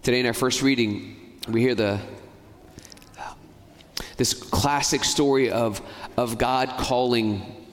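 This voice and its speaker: Priest preaching a heartfelt homily, middle pitch, echoing sanctuary. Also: male voice, fairly even intonation. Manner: earnest, pleading, speeds up and slows down. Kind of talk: sermon. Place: church. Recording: church hall reverb.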